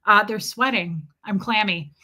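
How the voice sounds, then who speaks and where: Midwestern woman streamer with a bright voice, candid and profane, chats with viewers. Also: medium pitch, measured pace. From American Midwest. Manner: candid and profane, stops to greet chat viewers. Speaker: live streamer. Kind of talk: casual storytelling on a live stream.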